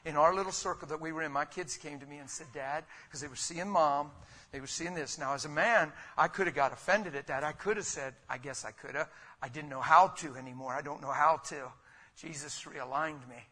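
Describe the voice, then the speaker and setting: A middle-aged man preaching a sermon with fervor, dropping low and then rising into loud, emphatic bursts. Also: a little fast. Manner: fervent, swinging from quiet to loud emphatic bursts.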